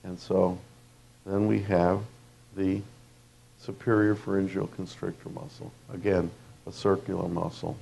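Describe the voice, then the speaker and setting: A dental lecturer teaches anatomy in a low, dark, mellow voice with some gravel to it, speaking to a room of students like a teacher. His talk is loose and conversational, drifting into stories with fillers and restarts, delivered flatly and without hurry.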